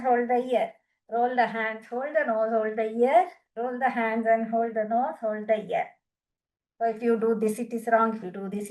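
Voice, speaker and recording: A woman's voice: a little high, darkish tone. Upbeat woman leading laughter yoga. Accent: Indian English. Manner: upbeat, encouraging, cues exercises with bursts of laughter. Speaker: yoga and laughter therapy instructor. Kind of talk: guided group wellness session. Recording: distant from the mic.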